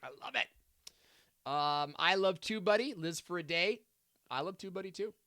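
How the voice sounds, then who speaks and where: Bright, chatty man hosting a live stream. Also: high-pitched, moderate pace, clear, resonant tone, no echo, studio quality. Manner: upbeat, chatty, many fillers and asides. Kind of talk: live-stream Q&A, reading viewer comments.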